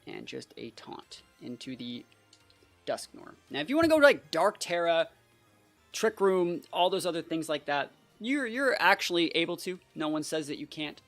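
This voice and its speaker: Excitable young gamer with lively pitch. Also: normal speed, soft background music. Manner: casual and excitable, heavy use of "like" and "bro". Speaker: competitive battle player and channel host. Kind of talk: live gameplay commentary.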